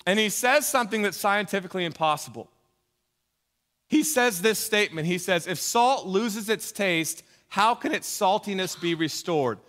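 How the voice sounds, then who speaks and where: A man's voice: high voice, animated, normal speed, a bit bright, long reverb tail. A man preaching a conversational sermon as pastor, emphatic, with joking asides.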